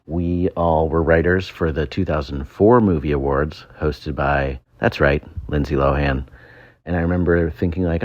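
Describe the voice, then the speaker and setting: A man's voice: rumbling low, steady tone, normal speed, muffled recording. A man telling a rambling anecdote in a voice note, full of ums and chuckles. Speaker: former show writer sending a voice note. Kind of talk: casual anecdote. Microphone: phone voice memo.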